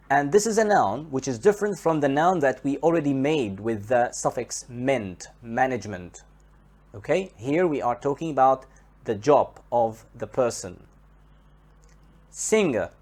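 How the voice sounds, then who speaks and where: A man teaching English grammar, spelling out letters and repeating each example word slowly to show where the stress falls. His first language is Arabic. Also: mid-range voice, a little mellow. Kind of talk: slow, careful grammar lesson.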